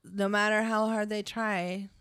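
A woman's voice: medium pitch, flat delivery, a little slow, fairly bright tone, smooth, no room sound, clean studio sound. A woman co-hosting a podcast, joking about herself in casual chat. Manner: silly, self-mocking and laughing. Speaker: podcast co-host.

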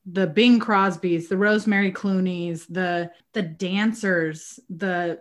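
A woman's voice: on the low side, fairly even intonation, takes it slowly, few pauses. A woman in casual chat, gushing with enthusiasm and swearing often as she talks.

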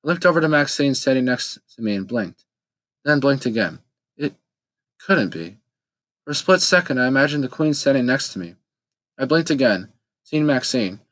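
A man narrates a first-person story in a steady, plain reading voice. His pitch sits in the middle range for a man. The recording is dry and close, with no room sound. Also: moderate pace, long pauses, no room sound, poor audio. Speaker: audiobook narrator.

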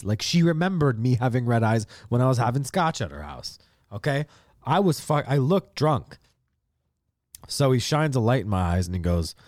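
A man's voice: mid-range voice, normal speed, no room sound, studio quality. A man in his late twenties hosting a podcast, telling stories in a casual, profane monologue and acting out the people he quotes. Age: late 20s. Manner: profane, animated, acts out quotes. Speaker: podcast host.

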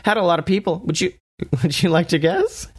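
A man hosting a casual podcast, talking excitedly and profanely with lots of laughter and mock quotes. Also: high voice, fairly quick, husky. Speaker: podcast host. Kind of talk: casual wrestling podcast chat.

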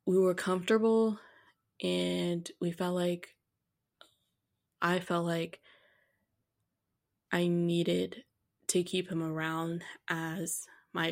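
Gravelly low-voiced woman telling a story. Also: a little mellow. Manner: candid, blunt, laughs often. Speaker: podcast host. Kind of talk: personal storytelling.

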